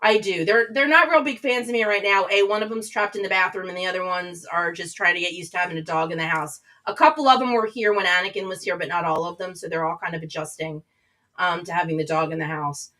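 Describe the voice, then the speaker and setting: Talking fast in a low, bright and forceful voice, this streamer chats casually, reads comments from viewers aloud and rambles with restarts. A webcam mic a little back from the screen records her from a distance, and the audio is poor.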